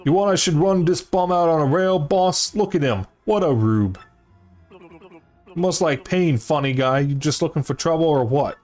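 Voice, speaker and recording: A man's voice: on the high side, moderate pace, a little mellow, faint music behind, lightly acted. A man voicing a brash young male mob henchman with a put-on gangster accent, full of wisecracks. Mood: taunting.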